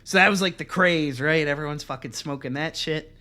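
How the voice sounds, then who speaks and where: A young man co-hosting a podcast, telling a story in casual, profane chat and acting out the other voices loudly. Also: a little high, brisk. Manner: animated, profane, acts out quoted voices loudly. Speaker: podcast co-host.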